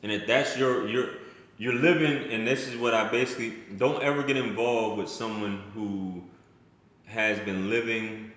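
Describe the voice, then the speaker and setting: A man's voice: fairly low pitch, fairly even intonation, normal speed, a bit bright. A man telling a personal story in a casual vlog, blunt and rambling, often restarting his sentences and using slang. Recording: very echoey room.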